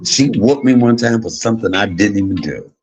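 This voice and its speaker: A man's voice: on the low side, expressive, fairly quick, a little mellow, muffled recording, slight background noise. A man in his fifties telling blunt, profane stories in a candid livestream monologue. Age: 50s. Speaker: livestream host.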